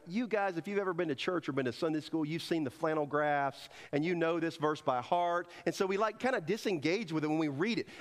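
Passionate preacher man with a slightly high voice. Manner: dynamic preaching, rising to loud emphatic peaks and dropping to hushed quoted lines; leads the congregation in call and response. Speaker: pastor. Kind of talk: sermon.

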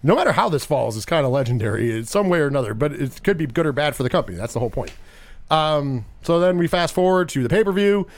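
A man hosting a podcast in casual chat, animated and profane, rambling with restarts. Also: on the high side, fast talker. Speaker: podcast host.

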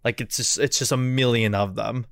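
A man's voice: mid-range voice, steady tone, normal speed, vocal fry, fairly bright tone, no echo, clean studio sound. A man hosting a casual podcast chat, rambling with lots of fillers and swearing. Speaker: podcast host.

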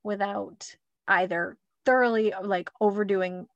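A woman's voice: mid-range voice, steady tone, measured pace, no room sound, muffled recording. A woman, a mother and wellness coach, co-hosting a podcast in a rambling, chatty way full of fillers. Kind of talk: casual podcast chat.

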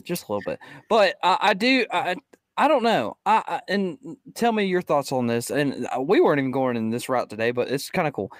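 Hesitant, stammering sports podcast host. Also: male voice, a little high, no room sound, clean studio sound. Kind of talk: casual sports chat.

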